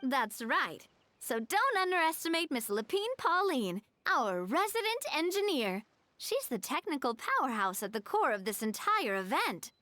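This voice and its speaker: A woman's voice: high-pitched, big pitch swings, normal speed, bright, forceful tone, no echo, heavily acted. A woman voicing a gracious young woman leader in a video game, speaking politely and explaining things kindly. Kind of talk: video game cutscene dialogue.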